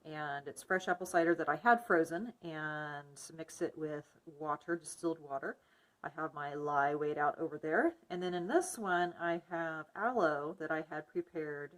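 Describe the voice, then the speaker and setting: A woman casually narrating a soap-making tutorial, explaining each step with frequent fillers. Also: deep voice. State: muffled by a face mask. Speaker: soap maker.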